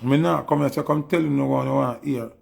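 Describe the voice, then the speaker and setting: A man's voice: mid-range voice, steady tone, a little fast, gravelly, husky. A man with a Jamaican accent delivering a heated, preachy monologue straight to his viewers, his anger rising as he goes. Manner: preachy, rising to angry shouting. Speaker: video commentator.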